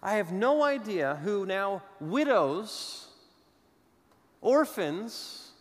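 A man preaching a sermon, telling a story with dramatic pauses and moving between loud declarations and hushed asides. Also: high-pitched, big pitch swings. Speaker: pastor. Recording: long hall reverb.

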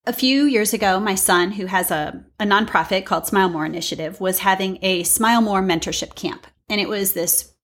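A woman's voice: mid-range voice, brisk, few pauses, fairly bright tone. A woman in her forties, a podcast host, giving a frank, earnest reflective monologue with storytelling asides.

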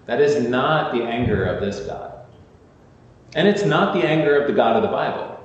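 A man's voice: mid-range voice, lively intonation, moderate pace. A man preaches in a conversational, earnest way, leaning on repeated phrases for emphasis. His voice rings through a very echoey church hall with a long reverb tail. The sound is slightly dull, with faint noise behind him. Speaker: pastor. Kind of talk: sermon.

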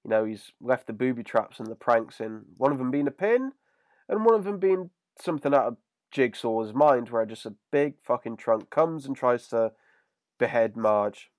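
A man co-hosting a casual chat, recapping an episode in a relaxed, filler-heavy way. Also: mid-range voice, moderate pace, no room sound, studio quality. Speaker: podcast co-host.

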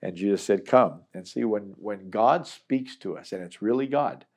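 A man's voice: fairly low pitch, moderate pace, a little mellow. A middle-aged man teaching a Bible chapter in a conversational, earnest way, acting out the people he quotes.

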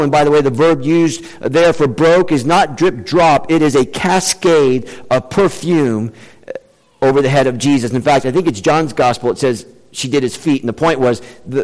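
A man preaching a sermon in an animated, emphatic way, changing his pace for effect. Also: medium pitch, moderate pace. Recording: long hall reverb.

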